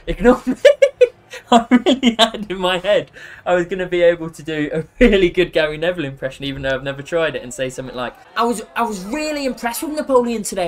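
A young man with a slightly high voice talks through a football game as he plays it. He is excitable and jokey, cheering his players one moment and scolding them the next. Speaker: gaming YouTuber. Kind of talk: live gameplay commentary.

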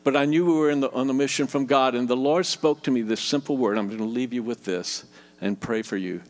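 This is a middle-aged man preaching, with a middle-pitched voice. He talks with heartfelt tenderness, and he sinks into a soft, low murmur as he prays over the crowd. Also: fairly quick. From Louisiana. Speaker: guest preacher. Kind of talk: sermon and closing prayer.

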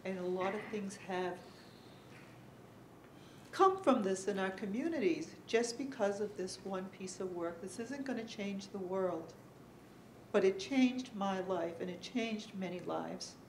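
A middle-aged woman speaks earnestly on a conference panel, pausing often and filling gaps with soft ums. Her voice sits at an ordinary middle pitch. It carries through a roomy, echoing hall over a faint background noise. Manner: earnest, halting, with many pauses and fillers. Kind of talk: personal testimony at a panel. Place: conference room.

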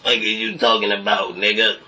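A man trash-talking on camera in a bowling alley, hurling mocking insults in aggressive, rapid-fire banter. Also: lowish voice, level tone, muffled recording. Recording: distant mic, loud crowd around.

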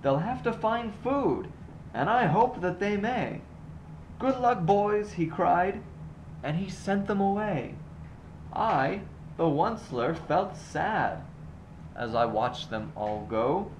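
Slow, expressive male storybook reader. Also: high-pitched, slight background noise. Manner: expressive rhyming read-aloud. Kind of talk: reading a children's storybook aloud.

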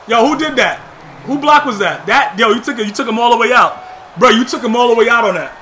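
A man calling his own game live in a very high, sharp-edged voice, full of slang and trash talk. He swings from muttered play calls to loud shouts at big plays. The delivery is loose and excitable. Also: fairly quick, slight background noise. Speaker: gamer. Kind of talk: live gameplay commentary.

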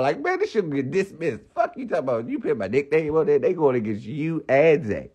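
A man's voice: high-pitched, sing-song, fairly quick. A man hosting a casual livestream rant, mocking and profane, laughing often as he talks. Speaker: livestream host.

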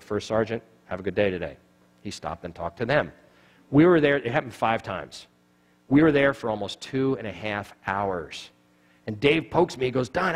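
A middle-aged man teaching evangelism at a church, telling stories and acting out the dialogue. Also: medium pitch. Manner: animated storyteller acting out dialogue. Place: church sanctuary.

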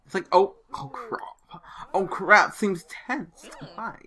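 Woman doing a chatty game let's play, bright clear voice, acts out the characters for fun. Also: mid-range voice, slow. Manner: chatty, reads game options aloud and voices the characters playfully. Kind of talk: gaming commentary.

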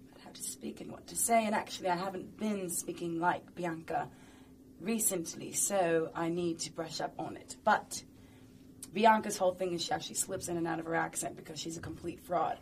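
A woman's voice: on the low side, steady tone, normal speed, a little hiss or hum. A woman talking casually and playfully in an interview, rambling and chatty with lots of fillers.

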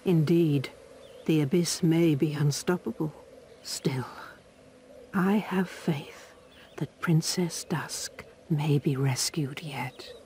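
A woman voicing a gentle, devoted ancient female mushroom guardian in a video game, speaking in solemn archaic phrasing with a breathy half-whisper. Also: low-pitched, takes it slowly, a little hiss or hum. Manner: archaic formal speech, soft and solemn.

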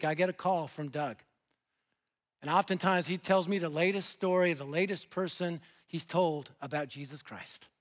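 A man preaching as a guest, telling stories with animation and swinging between loud and hushed delivery. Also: fairly high pitch. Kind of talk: sermon storytelling.

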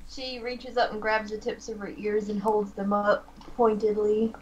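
A woman playing a tabletop role-playing game, calmly describing what her character does and sometimes voicing her. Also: medium pitch, normal speed, highs cut off, a little hiss or hum. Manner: describes her character's actions, laughs often. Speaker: tabletop player. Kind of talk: casual tabletop role-play.

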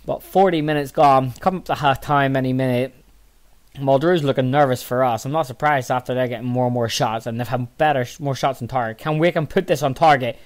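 Man, tired and yawning, casual game commentary, low mutters, sudden excited shouts. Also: a little fast. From Northern Ireland. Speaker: gaming channel host.

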